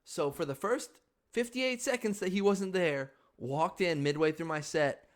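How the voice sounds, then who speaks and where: A young man hosting a podcast, telling a story in a frantic, excitable, swearing casual chat. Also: on the high side, moderate pace. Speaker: podcast host.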